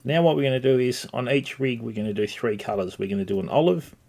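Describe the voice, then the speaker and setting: This fast-talking middle-aged man has a medium-pitched, slightly mellow voice. He runs a casual livestream teaching fly tying, chatting with viewers while he works, greeting them by name, and peppering his talk with "mate" and "okay."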